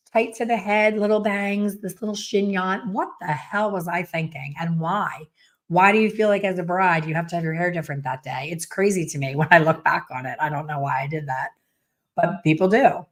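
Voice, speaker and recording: A middle-aged hair colorist with a fairly low voice shares a story with viewers. She tells it bluntly and animatedly, with some mild swearing.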